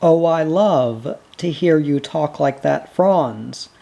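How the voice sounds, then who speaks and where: A reader voicing a young noblewoman who speaks in a gentle, coaxing and caring way. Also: deep voice, slow pace, creaky, dull audio, exaggerated voice.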